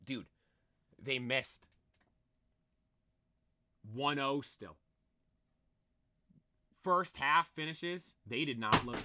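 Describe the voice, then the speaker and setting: A young man streamer chatting casually, excitable and rambling, restarting his sentences again and again. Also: medium pitch, drawn-out words, pauses often. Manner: excitable, rambling, full of "like" and "dude", many restarts.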